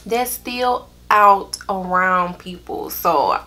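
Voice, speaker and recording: A young woman, telling a storytime to her viewers in an animated, drawn-out way. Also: medium pitch. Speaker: vlogger. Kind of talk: casual storytime chat.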